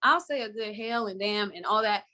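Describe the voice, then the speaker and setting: Sharp in tone, this woman's voice is mid-range and delivered at normal speed. An actress from Florida with a Southern accent, she joins a live interview by video call, laughing often and making her points forcefully.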